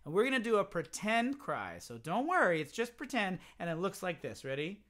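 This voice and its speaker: A man's voice: high voice, big pitch swings, brisk, a bit bright. A man teaching a playful children's singalong, singing songs and talking the children through games. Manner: playful, sings and whispers to children. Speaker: music teacher.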